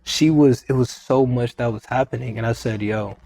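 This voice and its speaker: This young man, appearing on a podcast, retells something that happened to him in an easygoing, animated style, quoting what was said and repeating himself a lot. His voice is gravelly, medium-pitched and at a normal speed.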